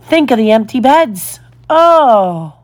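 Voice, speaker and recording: A woman's voice: on the high side, sing-song, slow pace, pitched above the performer's own voice. Wendy, a woman doing a motherly young girl. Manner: gentle but firm, motherly.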